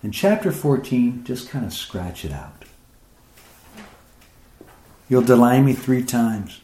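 A man preaching a sermon, reading scripture aloud and explaining it, his voice climbing higher as he presses his points. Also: lively intonation, slow pace, dark tone, reverberant. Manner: reads scripture aloud then comments, rising in pitch as he grows emphatic.

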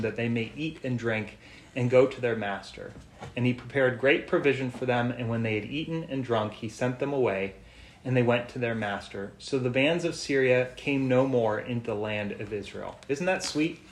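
Male preacher, mid pitch, reads scripture then chats it through; echoey room. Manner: reads scripture aloud, then explains it in plain chatty asides. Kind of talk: Bible study sermon.

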